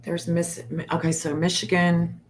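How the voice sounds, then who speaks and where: A woman hosting a casual livestream, reading an astrology chart aloud and thinking out loud in a hesitant, repetitive way. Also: on the low side, flat delivery, measured pace, a little hiss or hum.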